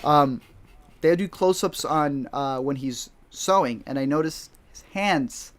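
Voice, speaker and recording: A man co-hosting a podcast, telling an animated, slangy story and acting out the dialogue in it. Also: a little high, slow. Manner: excitable, slangy, acts out dialogue in his stories. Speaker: podcast co-host. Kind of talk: casual chat, animated storytelling.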